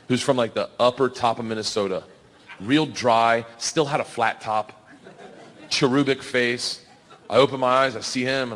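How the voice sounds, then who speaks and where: A man in his thirties telling a wild story in stand-up comedy, loud and animated, yelling the big moments and laughing through his lines. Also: medium pitch, slight background noise. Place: comedy club stage before a laughing audience. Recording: live hall reverb, faint ambience.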